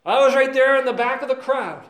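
A preacher putting on a smug, eager devil. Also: male voice, very high-pitched, a little fast, a bit bright, roomy sound, pitched above the performer's own voice. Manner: eager, boastful, over-agreeable. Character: smug male devil in a sharp suit claiming faith.

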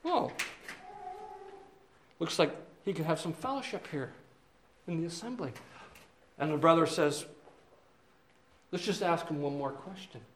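A male preacher teaching verse by verse, chatty and checking in with "okay?". His voice sits high. The sound echoes around a roomy space. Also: normal speed, long pauses. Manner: conversational, asks "okay?" often, many fillers. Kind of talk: expository sermon, verse by verse.

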